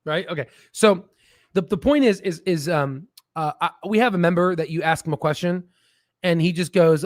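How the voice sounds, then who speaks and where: Man hosting stock livestream, high voice, dry close sound, animated, stammers. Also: normal speed, no echo. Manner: animated, swearing, stammering restarts. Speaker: stock market livestream host. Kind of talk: casual livestream talk.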